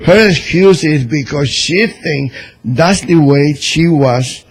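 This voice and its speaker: Cuban guy on the radio, accented english, talks slow and husky, really opinionated. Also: on the high side. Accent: Cuban Spanish. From Cuba. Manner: opinionated, animated, broken grammar. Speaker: columnist and radio guest. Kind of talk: casual radio talk.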